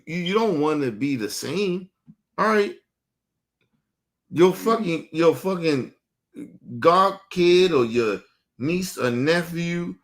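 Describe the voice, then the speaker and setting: Man hosting podcast, casual profane chat, lively up-and-down voice, a bit high. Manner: profane, animated storytelling with acted-out quotes. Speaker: podcast host. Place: home studio, streaming.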